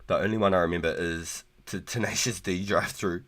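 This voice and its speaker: A man's voice: fairly low pitch, big pitch swings, moderate pace. A man live-streaming a game, chatting loosely with viewers, laughing often and swearing freely. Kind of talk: casual live gaming stream chat.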